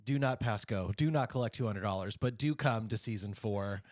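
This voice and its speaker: A man's voice: fairly low pitch, fairly quick, darkish tone, no echo, studio quality. A man in his thirties co-hosting a casual podcast, playful and jokey. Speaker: podcast co-host. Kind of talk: casual chat.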